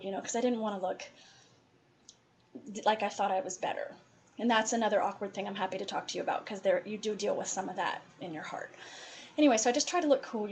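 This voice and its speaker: A woman from Appalachia with an Appalachian accent, giving chatty, encouraging advice to students in a presentation. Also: medium pitch. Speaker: college advisor.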